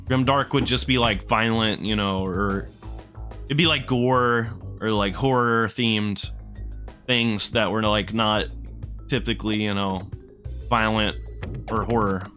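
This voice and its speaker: Over faint background music, this gaming streamer speaks slowly in a fairly low, steady voice with a bright, forceful tone. His let's-play commentary is loose and rambling, full of jokes and profanity as he responds to chat.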